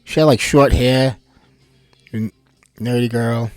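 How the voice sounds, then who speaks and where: A man from New Jersey giving an animated, rambling personal monologue, swearing freely. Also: medium pitch, slow, no room sound. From Bayonne, New Jersey. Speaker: vlogger.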